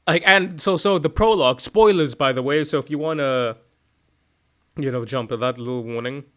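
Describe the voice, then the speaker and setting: Young man, streamer, casual chat, excitable, swears a lot, rambling, restarts sentences. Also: medium pitch, normal speed.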